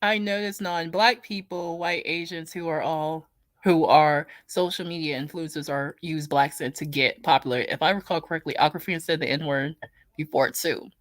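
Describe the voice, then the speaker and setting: A woman's voice: sits low, fairly even intonation, moderate pace, dry recording. A woman giving a casual, heated, profane opinion rant to her viewers, blunt and repeating herself for emphasis. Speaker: commentary streamer.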